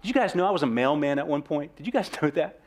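A young man preaching a sermon in an earnest, animated way, with sudden swings in pitch and pace. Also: fast talker. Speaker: pastor.

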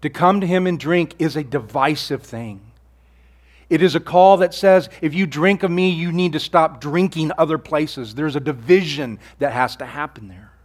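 A man preaching a sermon, earnest and conversational, asking rhetorical questions and sometimes dropping his voice low for emphasis. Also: normal speed. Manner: earnest preaching, rhetorical questions, drops to near-whisper on key lines. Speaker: pastor.

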